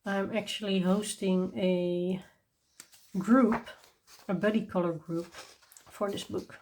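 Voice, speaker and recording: A woman speaks at an unhurried, leisurely pace, presenting coloring books to her viewers. Her talk is casual and enthusiastic, with frequent ums and small laughs between thoughts. She sounds a little tired. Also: mid-range voice, steady tone, a little mellow, a little hiss or hum. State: tired and yawning. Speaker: coloring channel host. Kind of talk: casual show-and-tell review.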